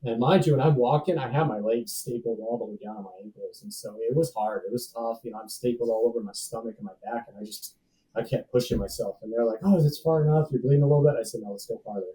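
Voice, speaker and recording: A man's voice: mid-range voice, fast talker, warm tone, distant mic, rough recording. A man in his thirties, a podcast guest, telling a personal story in a laid-back, slangy way full of dude and bro. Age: 30s. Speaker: podcast guest, safety professional.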